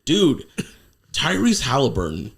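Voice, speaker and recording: A man hosting a casual podcast from his home studio, sucking on cough drops for a sore throat, talking excitably and swearing as he laughs. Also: mid-range voice, a little slow, vocal fry. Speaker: podcast co-host.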